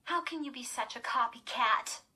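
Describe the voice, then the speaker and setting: A woman's voice: on the high side, moderate pace, pushed and bright, husky, voice pushed up, full character voice. A woman voicing a sarcastic twelve-year-old girl in a storybook reading, teasing her sister with a mocking tone.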